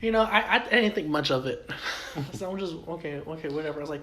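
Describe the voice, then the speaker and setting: A man co-hosting a podcast, telling stories in a casual chat, animated, laughing often and swearing freely. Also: fairly high pitch, quick pace, few pauses, noisy background. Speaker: podcast co-host.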